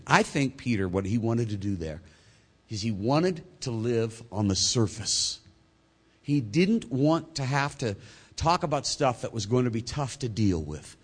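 A male pastor delivering a sermon, swinging between loud emphatic points and quiet, low asides.

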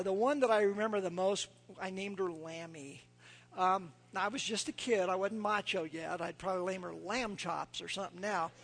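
A man preaching a sermon, telling folksy stories and dropping to a hushed near-whisper when he quotes scripture. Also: high voice. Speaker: pastor.

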